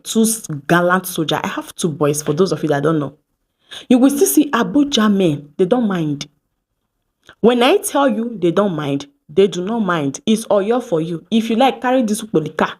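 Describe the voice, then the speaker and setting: A Nigerian woman in her thirties from Edo State, telling stories to camera in a lively vlog, slipping into Pidgin and acting out what people said. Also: medium pitch, normal speed, breathy edge. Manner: animated, mixes Pidgin phrases, acts out quoted exchanges. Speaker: vlogger. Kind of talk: casual storytelling to camera.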